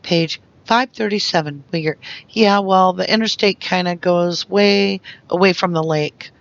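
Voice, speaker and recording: Gravelly reader doing transcripts out loud, flat, dry dullish mic. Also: mid-range voice, measured pace, no room sound, dull audio. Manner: reads out speaker labels and stage notes flatly. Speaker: reader of investigation reports. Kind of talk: reading transcript aloud.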